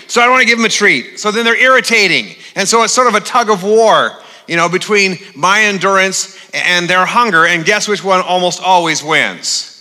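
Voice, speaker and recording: A man's voice: high-pitched, normal speed, sharp tone. A male pastor preaching a sermon in a conversational, humorous way with frequent "uh" fillers, speaking in a large church auditorium. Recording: long reverb of a large hall.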